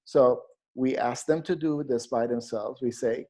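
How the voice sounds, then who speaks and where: A man explains a grammar lesson to teachers in a narrated training video. His voice is mellow and dark, and he talks slowly. He stops and restarts often. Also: medium pitch, fairly even intonation. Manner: slow, explanatory, with frequent fillers and restarts.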